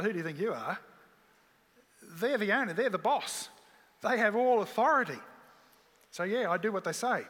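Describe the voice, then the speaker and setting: A man's voice: high voice, bright, forceful tone. Earnest male preacher in a reverberant hall. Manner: earnest, uses rhetorical questions. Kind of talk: sermon.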